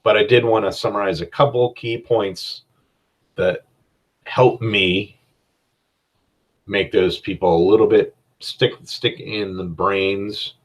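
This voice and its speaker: A man's voice: lowish voice, fairly even intonation, takes it slowly, pauses often. A man hosting a casual solo podcast as a game master, giving rambling, conversational advice and often restarting his sentences.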